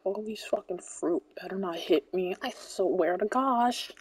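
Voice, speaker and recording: A woman gamer giving live gameplay commentary, excitable and full of swearing and exclamations. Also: mid-range voice, unhurried, slightly rough, no room sound. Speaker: gamer playing online with a partner.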